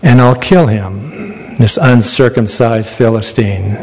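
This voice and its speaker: A preacher voicing a young shepherd, bold and faithful, in an earnest plain voice. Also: male voice, medium pitch, slow, darkish tone, long reverb tail, poor audio.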